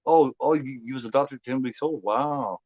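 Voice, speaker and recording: A man from Indiana, accent plainly Midwestern, chats loosely while hosting a movie watch-along, rambling and echoing his own words. His mid-range voice keeps a normal pace, and the dry recording has its highs cut off.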